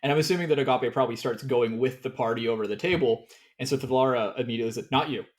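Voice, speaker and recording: A man running a tabletop game as game master, explaining the scene in a calm, measured way. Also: medium pitch. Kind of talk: tabletop game role-play.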